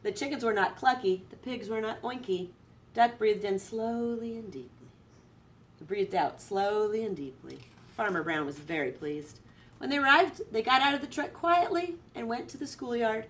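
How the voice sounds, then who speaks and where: A woman teacher reading a picture book aloud to her students, expressive and lively. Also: a little high, moderate pace. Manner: expressive read-aloud, voice rising for excitement. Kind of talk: storybook read-aloud to students. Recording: distant from the microphone.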